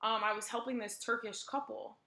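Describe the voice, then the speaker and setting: A woman's voice: a little high, a little fast. A young woman co-hosting a casual chat show, telling vacation stories with lots of giggling. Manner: giggly, animated storyteller. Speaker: podcast co-host. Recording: echoey room.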